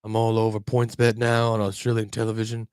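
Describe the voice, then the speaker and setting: A man speaking in a played clip, relaxed and chuckling as he talks. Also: on the low side, brisk, clean tone, dry recording, clean studio sound.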